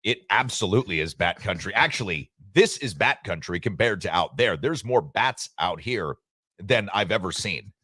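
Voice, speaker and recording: Radio host, man, joking and rambly, lowish voice, dry studio sound. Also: lively intonation, normal speed, pushed and bright, dry recording. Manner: joking, rambling, reads listener messages aloud. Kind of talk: casual sports talk radio chat.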